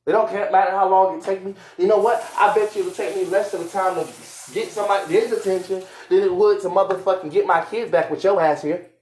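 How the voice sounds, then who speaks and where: A young man arguing angrily and profanely with his partner on a live stream, repeating himself and shouting. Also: sits high, steady tone, fast talker, few pauses, slight background noise. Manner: angry, profane, repetitive shouting. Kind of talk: heated argument on a live stream. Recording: echoey room.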